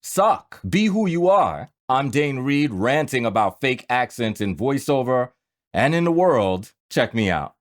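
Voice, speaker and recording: A man with a New York accent ranting to camera about voiceover from his home studio, emphatic and conversational with animated bursts. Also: medium pitch, measured pace. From New York, USA. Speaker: voiceover artist and YouTuber. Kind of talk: direct-to-camera opinion rant.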